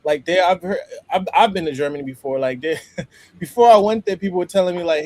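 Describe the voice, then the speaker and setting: An American man in casual podcast chat, animated, laughing often and restarting his sentences. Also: high voice, fast talker. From United States.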